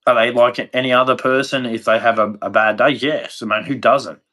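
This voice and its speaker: Australian man, casual vlog rant, blunt, rambling, swears a lot, middle pitch. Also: fairly even intonation, a little fast, bright, forceful tone. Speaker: vlogger. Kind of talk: casual opinion rant to camera.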